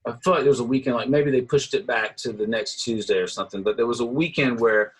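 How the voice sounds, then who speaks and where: Guest: middle-aged man, husky voice, lively storyteller who acts out the people he quotes. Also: mid-range voice, fast talker, low-quality recording. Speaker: interview guest, guitarist. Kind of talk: casual storytelling.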